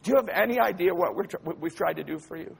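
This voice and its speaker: A man's voice: high voice, quick pace, gravelly, husky. A man preaching a sermon who tells stories vividly, acts out scenes and keeps asking his listeners questions. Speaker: pastor.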